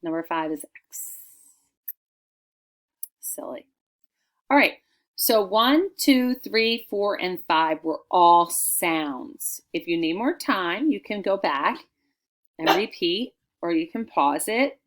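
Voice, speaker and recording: A middle-aged woman teacher dictating a recorded spelling lesson for children, sounding out each word slowly and clearly. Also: mid-range voice, animated.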